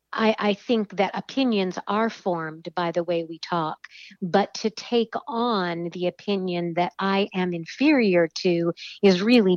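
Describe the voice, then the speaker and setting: Measured woman on lo-fi remote audio. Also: lowish voice, darkish tone, dry recording. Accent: General American. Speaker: podcast guest, voice coach. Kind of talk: casual interview talk.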